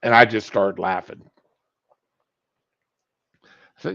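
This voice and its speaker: A man's voice: lowish voice, big pitch swings, slow, pauses often, dry recording. A man in his fifties telling a rambling personal anecdote, correcting himself as he goes on a casual talk show. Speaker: podcast host. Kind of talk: casual storytelling monologue. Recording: dull lo-fi sound.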